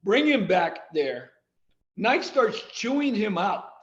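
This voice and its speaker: A man being interviewed on a podcast, telling lively anecdotes and quoting the people in them. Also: sits high, slow, reverberant, dull audio. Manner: animated anecdotes, quoting others. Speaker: guest, athletic director and former coach. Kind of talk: storytelling in a casual podcast interview.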